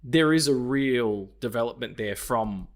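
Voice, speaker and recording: A man's voice: medium pitch, unhurried. A man co-hosting a casual film podcast, swearing freely and acting out scenes in quoted voices. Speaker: podcast co-host.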